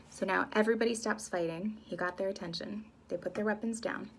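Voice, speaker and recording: A woman's voice: medium pitch, steady tone, brisk, few pauses, slightly rough. A woman teacher explaining a play scene by scene in a casual, chatty way.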